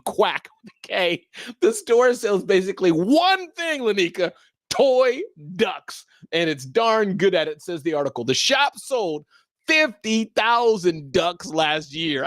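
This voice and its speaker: A man's voice: sits high, dry recording, studio quality. A man hosting a live business talk show, upbeat and chatty, often laughing as he moves through the topics. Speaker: show host.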